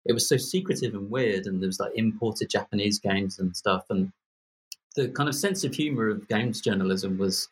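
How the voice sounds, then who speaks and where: Husky man from Birmingham. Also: lowish voice, moderate pace. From Birmingham, England. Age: 40s. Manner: rambling, many fillers and restarts. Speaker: podcast guest, author. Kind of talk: casual podcast chat.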